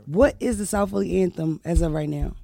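Brief: woman comic hosting a podcast, loud and profane, gravelly tone, dry close mic. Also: on the low side, brisk, no room sound. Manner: loud, profane, animated banter. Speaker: podcast host and comedian. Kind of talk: casual podcast chat.

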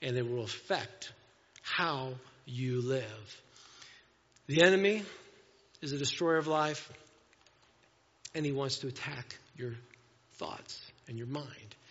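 A man preaching to his congregation in a loose, conversational way, mixing scripture reading with asides that poke fun at himself. His voice sits a bit high for a man. The sound is a little dull and carries a long church-hall reverb. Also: fairly bright tone. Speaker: pastor. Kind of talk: sermon. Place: church sanctuary.

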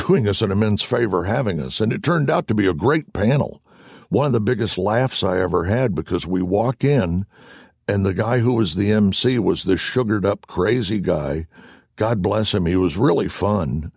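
Gravelly low-voiced man telling animated stories. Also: dry recording, clean studio sound. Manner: animated, self-deprecating, laughs while telling stories. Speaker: interview guest, voice actor. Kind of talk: anecdotal storytelling in conversation.

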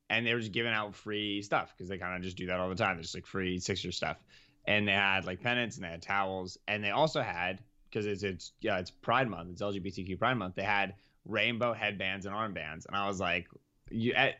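A young man co-hosting a podcast, casually telling a self-mocking story that grows animated. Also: fairly low pitch, clean tone, lo-fi sound. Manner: animated, self-mocking, rising to laughing exclamations. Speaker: podcast co-host.

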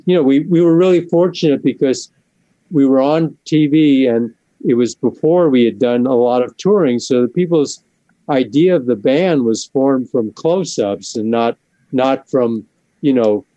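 A man's voice: mid-range voice, mellow, dry recording, low-quality recording. A man, a musician guest, talking in an interview with dry, self-deprecating humor. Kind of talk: casual interview talk.

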